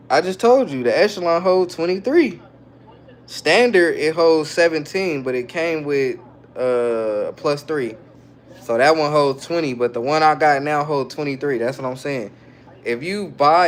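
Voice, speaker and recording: A man hosting a casual livestream, talking loosely in slang as he reads viewer comments aloud and answers them. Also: on the high side. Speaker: livestreamer reading chat. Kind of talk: casual live-stream chat.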